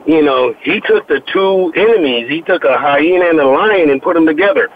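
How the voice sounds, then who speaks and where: Man with a high, bouncing voice and punchy one-liners that he laughs at himself. He banters through a casual sports chat. The sound is thin and narrow, like a phone line. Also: animated, a little fast, a little hiss or hum. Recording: phone-like lo-fi audio.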